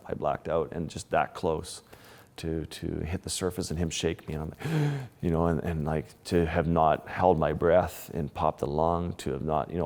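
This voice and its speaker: A man's voice: deep voice, a little mellow, big-room sound. A Canadian-born man, a wildlife photographer, telling stories in an interview. He restarts his sentences often and uses lots of fillers. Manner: vivid, restless retelling with many restarts and fillers. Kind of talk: storytelling in a casual interview.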